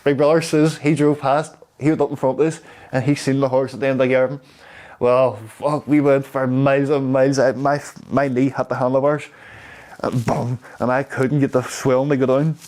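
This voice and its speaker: A man from Derry with a Derry accent, telling stories in a rambling, halting way. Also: mid-range voice, level tone, darkish tone. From Derry, Northern Ireland. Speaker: interviewee. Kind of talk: casual storytelling.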